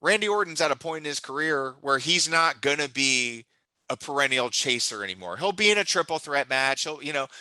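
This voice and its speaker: A man's voice: on the high side, expressive, a little fast, bright, forceful tone, no room sound, rough recording. A man co-hosting a casual wrestling chat, enthusiastic and teasing, often restarting his sentences. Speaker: podcast co-host.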